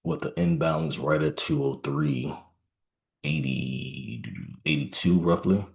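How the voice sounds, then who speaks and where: Male trader, very low gravelly voice, thinks aloud haltingly while watching the market, a bit tired. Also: darkish tone. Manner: halting, musing aloud with fillers and restarts. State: yawning, tired. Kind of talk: live trading commentary.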